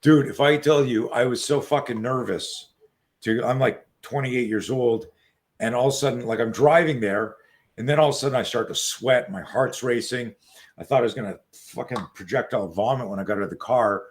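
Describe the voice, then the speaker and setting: A man in his sixties, a self-defense coach telling stories as an interview guest, animated and profane, on a video call. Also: mid-range voice, fairly quick. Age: 60s. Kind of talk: casual interview storytelling.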